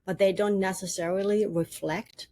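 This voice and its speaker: A woman's voice: medium pitch, fairly even intonation, moderate pace, warm tone, no echo. A woman hosting a podcast, thanking her guest and reading out channel plugs and a disclaimer. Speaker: podcast host. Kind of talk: podcast sign-off.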